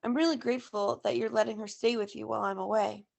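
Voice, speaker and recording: A woman's voice: fairly high pitch, steady tone, quick pace, vocal fry, darkish tone. A woman voicing a friendly, polite mother in a storybook read-aloud. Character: warm busy mother packing for a trip.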